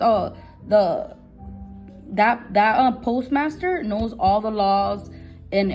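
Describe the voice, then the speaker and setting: A woman's voice: fairly high pitch, a little hiss or hum. Heated woman in her thirties telling a story. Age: 30s. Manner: animated, heated, repetitive, "I was like" storytelling. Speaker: vlogger. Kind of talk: casual storytime.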